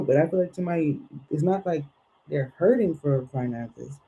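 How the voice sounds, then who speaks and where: A woman hosts a livestream tarot reading, rambling and trailing off as she thinks aloud. Her voice is low, very dark and mellow. It has a husky edge. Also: highs cut off. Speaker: tarot reader.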